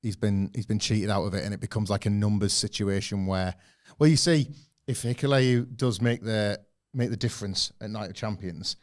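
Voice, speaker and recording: Podcast co-host, rambling analysis. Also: male voice, on the low side, steady tone, moderate pace. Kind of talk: casual review chat.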